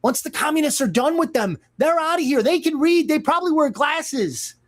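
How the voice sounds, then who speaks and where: A host rants through a commentary monologue, heavy on sarcasm and mockery. The pitch swings widely from line to line, and the delivery stays emphatic throughout. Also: animated, normal speed.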